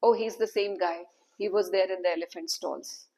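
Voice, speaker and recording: A woman voicing a proud young princess, quick to anger and suspicious, in a husky voice. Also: on the low side, steady tone, mellow, poor audio.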